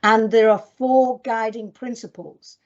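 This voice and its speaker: A woman's voice: a little high, steady tone, a little slow, darkish tone, highs cut off. A woman presenting to clinicians in a webinar, talking directly and emphatically as she moves through her slides. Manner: direct, emphatic, addresses audience as guys.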